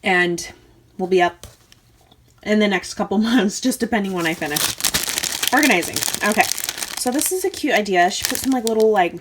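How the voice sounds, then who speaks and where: A woman's voice: medium pitch, brisk, pauses often, slight background noise. A woman hosting a craft channel, chatting casually and gushing while opening mail at home, with lots of fillers. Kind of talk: casual unboxing chat. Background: crinkling paper and clicks from handling mail.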